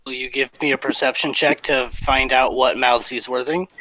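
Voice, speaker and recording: Bright-voiced man asking about game rules. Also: mid-range voice, steady tone, moderate pace, low-quality recording. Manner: rules-focused, precise questions. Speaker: player. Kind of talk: casual chat during a tabletop game.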